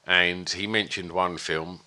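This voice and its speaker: A man's voice: low voice, slow pace. A man hosting a podcast, telling stories in casual chat and acting out what others said. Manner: animated storyteller, voices others in quotes. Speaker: podcast host.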